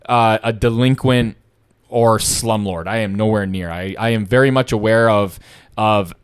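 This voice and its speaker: A man's voice: on the low side, normal speed, smooth. A man casually telling a long story on a podcast, swearing a lot and repeating himself as he goes. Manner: profane, animated, repeats himself.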